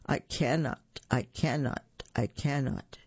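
A reader does a weary old male engine from a storybook that sighs over every word. It talks slowly with a gravelly tone. The recording is dry and lo-fi. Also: medium pitch, darkish tone, dry recording. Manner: slow, sighing, worn out. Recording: dull, slightly lo-fi recording.

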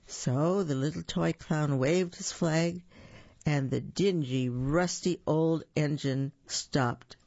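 Storyteller reading a picture book aloud, gravelly voice, describes the pictures, dry dull recording. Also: mid-range voice, takes it slowly, a little mellow, no room sound. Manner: describes the pictures and stumbles over words.

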